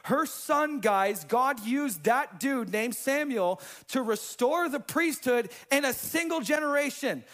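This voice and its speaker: A man preaching a sermon as pastor, talking casually with slang and swinging between hushed, intimate moments and fired-up emphasis. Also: very high voice, animated, slow pace, few pauses, faint music behind.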